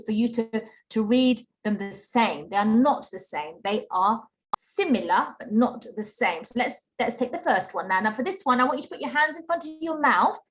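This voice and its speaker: Teacher, woman, patient and repetitive, slightly high voice, online class over a video call. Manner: patient, repeats key points with frequent "okay?". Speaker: Qur'an teacher.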